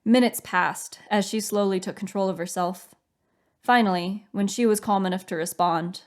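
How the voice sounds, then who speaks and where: A woman reading her own novel aloud as audiobook narration, in a measured, steady storytelling manner. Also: medium pitch.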